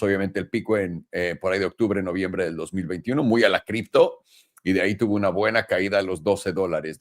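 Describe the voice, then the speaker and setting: A man co-hosting a trading stream, telling stories and walking through charts in a casual, crude way. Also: sits low. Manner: loose, profane, joking. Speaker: co-host, trading educator. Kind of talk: casual chat and chart walkthrough.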